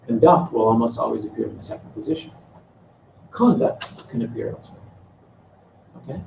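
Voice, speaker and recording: This classroom lecture features a man whose voice is mid-range, creaky, and dark as he teaches beginner Greek. He drills words for repetition and stretches them to show where the stress falls, captured in a distant, roomy, dull recording, far from the mic, with a little hiss or hum.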